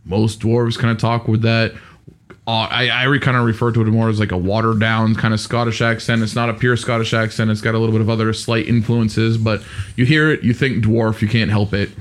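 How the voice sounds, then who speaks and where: A man's voice: lowish voice, little pitch movement, a little fast. A man who runs a tabletop game, explaining in a rambling, casual podcast chat. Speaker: game master.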